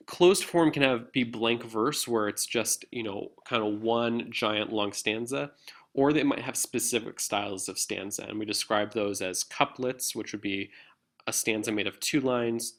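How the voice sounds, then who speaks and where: A man's voice: on the low side, a little slow, fairly bright tone. A man lecturing on poetry as a literature instructor, speaking casually with many filler ums. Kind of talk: recorded lecture.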